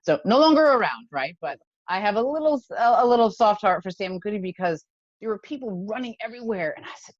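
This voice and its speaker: A company founder being interviewed as a podcast guest speaks fast at a medium pitch, recorded lo-fi with no echo. She retells a personal story in an emotional, animated way, breaking into nervous laughs.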